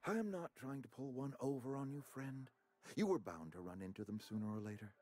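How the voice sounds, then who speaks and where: A man's voice: mid-range voice, lively intonation, brisk, warm tone, faint music behind, close to an everyday voice. A man voicing a pompous middle-aged outpost administrator in a video game, who talks in a formal, fussy and ingratiating way. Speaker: game character.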